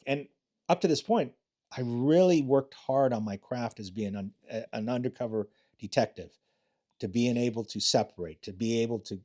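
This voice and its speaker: Mellow-voiced older man telling cop stories. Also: medium pitch, moderate pace. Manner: profane, rambling, many restarts. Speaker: retired police detective, guest. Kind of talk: casual storytelling interview.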